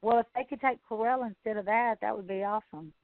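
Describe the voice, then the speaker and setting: Speaking fast in a slightly high voice, this woman leads a sales training call with loose, rambling, folksy chatter. There's no echo, though the phone line sounds tinny.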